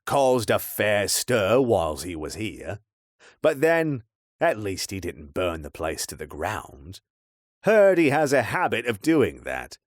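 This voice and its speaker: A man doing a gruff grumbling old man. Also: on the low side, big pitch swings, slow, no room sound, studio quality, heavily acted. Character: grumpy old male fire-tender, gruff.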